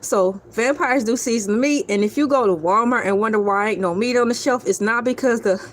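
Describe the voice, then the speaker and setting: High-voiced woman telling a comic tale. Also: brisk, hardly any pauses, a little hiss or hum. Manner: theatrical, playful, addresses viewers as y'all. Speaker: vlogger. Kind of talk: casual comedic storytelling.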